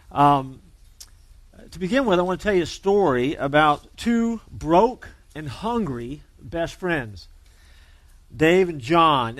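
A man's voice: a little high, no echo. A man preaching a sermon as pastor, conversational and joking as he tells a story.

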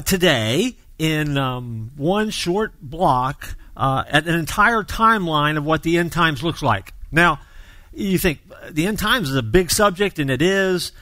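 A man teaching a morning Bible study in a relaxed, conversational way, often pausing with fillers. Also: on the high side, dry recording. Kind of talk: conversational sermon.

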